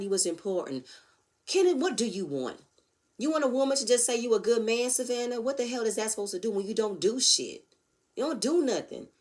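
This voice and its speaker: A woman giving a blunt, profane, animated recap of a reality show episode. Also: a little high. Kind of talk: casual recap commentary.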